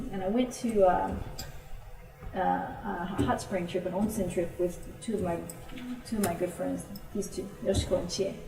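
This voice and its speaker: A woman missionary speaker giving an informal talk to a church group, telling her stories and acting out the voices of her friends. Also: lowish voice. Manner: storytelling, animated when quoting friends. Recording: roomy, from a distance.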